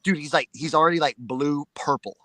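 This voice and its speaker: A man co-hosting a casual live chat, telling a story in an excitable, rambling way and repeating his words. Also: fairly high pitch, fairly quick, dry recording. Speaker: reseller show co-host.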